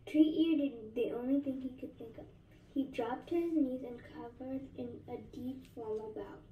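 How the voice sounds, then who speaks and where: A woman's voice: high-pitched, moderate pace, recorded from a distance, narrow, tinny audio, slight background noise. Woman reading a novel aloud, echoey room. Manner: steady, with small slips and self-corrections. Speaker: narrator.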